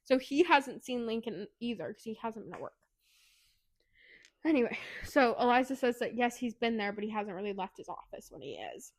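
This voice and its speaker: A woman co-hosting a podcast, retelling a book plot fast and animatedly, with swearing. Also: on the high side, lively intonation. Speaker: podcast co-host. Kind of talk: casual book recap.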